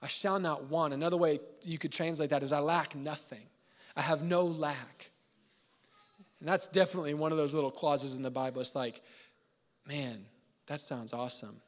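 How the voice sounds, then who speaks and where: A man preaching a sermon as pastor, mixing scripture with joking asides and laughter, swinging between loud emphasis and quiet, slow lines. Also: a little high, fairly even intonation. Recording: long hall reverb.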